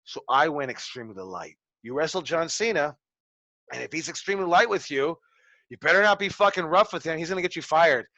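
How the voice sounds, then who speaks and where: Wrestling coach, man, 40s, bright forceful voice, cursing storyteller, muffled lo-fi dry sound. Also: a little high, expressive, brisk, no echo. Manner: loose, profane, storytelling with acted quotes. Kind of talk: casual classroom talk to students. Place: training school.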